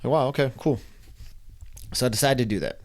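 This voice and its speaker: A young man casually telling a personal story, animated and acting out his own reactions. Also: mid-range voice, brisk. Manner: animated, acts out his own screams and quotes.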